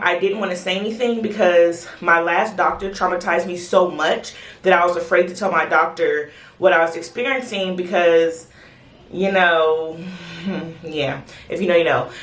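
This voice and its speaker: A woman telling her birth story in a casual, excited, chatty way, acting out the voices of the people in it. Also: lowish voice, moderate pace. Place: home bathroom. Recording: echoey bathroom.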